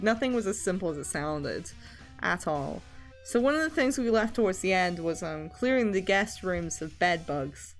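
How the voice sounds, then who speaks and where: A woman streamer chatting casually, rambling with many fillers and frequent laughter. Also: medium pitch.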